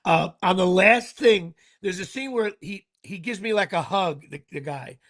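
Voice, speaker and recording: A man with a notably high, gravelly voice chats casually as a podcast host. He rambles through his stories and restarts his sentences often. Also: lively intonation, normal speed, a bit bright. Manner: rambling storyteller, frequent fillers and restarts. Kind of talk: casual chat.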